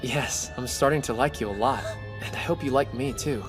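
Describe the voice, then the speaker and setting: Low, earnest anime young man. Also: normal speed. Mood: sincere. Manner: hesitant, sincere. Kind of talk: anime English dub. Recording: with background music.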